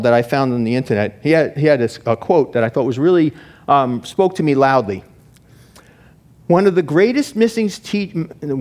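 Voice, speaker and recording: A man preaching a sermon in a church, talking in a conversational way with restarts and asides. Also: on the high side. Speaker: pastor.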